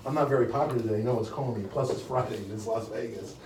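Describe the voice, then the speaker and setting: A man's voice: mid-range voice, fast talker, a little hiss or hum. Brash older man coaching a sales team. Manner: brash, blunt and animated, with profanity. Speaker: sales trainer. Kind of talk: live sales training talk. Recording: echoey room, distant mic.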